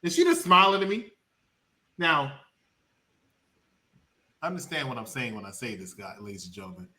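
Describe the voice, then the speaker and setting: A man co-hosting a casual movie review podcast. He talks in an animated way, laughs often and swears freely. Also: medium pitch, normal speed. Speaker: podcast co-host.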